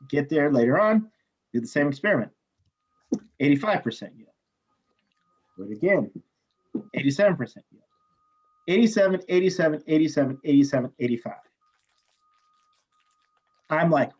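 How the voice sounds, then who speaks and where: A man teaching a chemistry class, telling a story in an animated way, swearing freely and acting out the people he quotes. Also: a little high, husky. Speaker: chemistry instructor. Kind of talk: lecture with personal story. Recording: dull lo-fi classroom recording.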